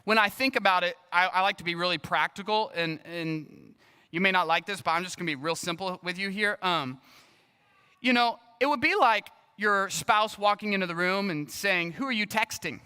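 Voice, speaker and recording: A man, a guest pastor, preaching an earnest, animated sermon and acting out bits of dialogue. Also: high voice, moderate pace, smooth. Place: church sanctuary.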